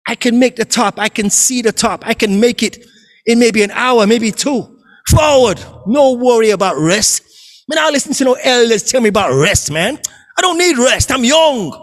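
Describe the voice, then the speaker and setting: A man voicing a boastful young man who turns panicked, shouting, stammering and pleading. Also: very high voice, expressive, moderate pace.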